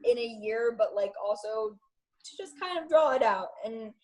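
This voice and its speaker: A woman's voice: on the high side, lively intonation, moderate pace, poor audio. A young adult woman, a new coach being interviewed, who rambles in a chatty way and often laughs at herself. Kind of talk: casual interview.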